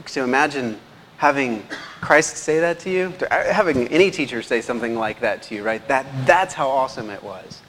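Here a teacher with a medium-pitched, fairly bright voice presents slides in a casual way. His manner is chatty, with frequent check-ins with the audience, and the clip has long hall reverb and faint background noise.

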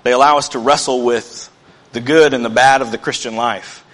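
A man's voice: mid-range voice, fairly even intonation, moderate pace, fairly bright tone, in a large hall. A man preaching a sermon as pastor, earnest and building to emphatic bursts.

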